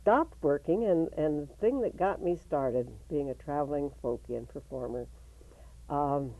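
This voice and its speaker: A woman's voice: deep voice, a little slow. Elderly woman folk singer, tinny recording. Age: 80s. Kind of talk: unaccompanied folk singing and casual interview talk. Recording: tinny phone-like band with guitar music.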